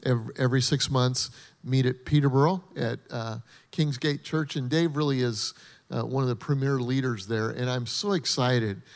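A man, the host pastor, introducing a guest speaker in a halting way with many fillers. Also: mid-range voice, steady tone. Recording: long hall reverb.

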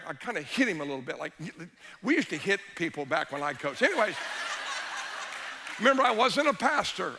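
High, bright animated male preacher. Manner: animated storyteller, shifts between hushed and shouting. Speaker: pastor. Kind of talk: sermon storytelling.

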